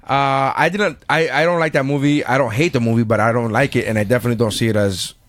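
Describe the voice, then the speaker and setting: A man in his thirties hosting a podcast, telling a story in casual chat, animated and swearing freely. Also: mid-range voice, fast, dry recording. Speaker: podcast host.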